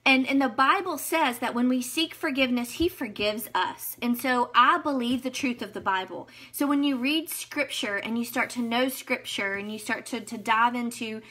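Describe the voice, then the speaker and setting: Bright earnest woman leading Bible study. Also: on the high side, normal speed, few pauses. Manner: earnest, conversational, answers viewers by name. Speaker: women's Bible study leader. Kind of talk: live-streamed devotional talk.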